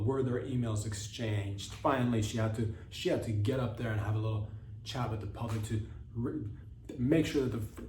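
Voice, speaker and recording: A man's voice: mid-range voice, darkish tone, recorded from a distance. Profane sarcastic man in an echoey room. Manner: profane, sarcastic, mock-indignant rants. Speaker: comedy podcast host. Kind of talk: crude satirical monologue. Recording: echoey room with faint noise.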